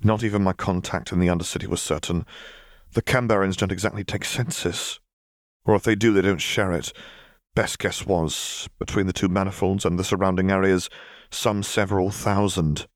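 A man's voice: low-pitched, steady tone, moderate pace, dry recording, clean studio sound, close to an everyday voice. A man voicing a composed young female sheriff who speaks tensely, as if through a clenched jaw. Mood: explaining.

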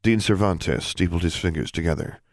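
A man reading a novel aloud as a narrator, even and unhurried. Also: deep voice, no echo, clean studio sound. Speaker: audiobook narrator. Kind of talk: scripted narration.

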